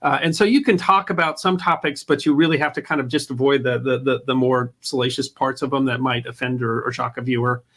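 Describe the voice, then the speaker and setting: A man's voice: medium pitch, fairly even intonation, fairly quick, hardly any pauses, fairly bright tone. A man talking as a guest in an interview about running a history channel, rambling and restarting his phrases, often laughing. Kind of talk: casual interview talk.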